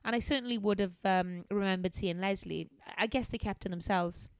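A woman's voice: medium pitch, fairly quick, no room sound, lightly acted. Lonely office temp woman, read by a woman. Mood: wistful. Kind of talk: comedic reading aloud of a novel.

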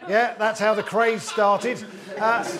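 A man's voice: high-pitched, level tone, takes it slowly, a crowd in the background. A man hosting a comedy panel show, telling wry jokes between topics. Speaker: host.

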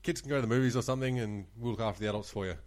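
A man's voice: mid-range voice, rapid-fire, darkish tone. A young man with an Australian accent, a former casino dealer, telling stories in casual chat, laughing and swearing freely.

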